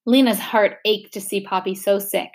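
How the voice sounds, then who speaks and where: A woman reading a novel chapter aloud, steady and expressive. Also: mid-range voice, moderate pace. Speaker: reader.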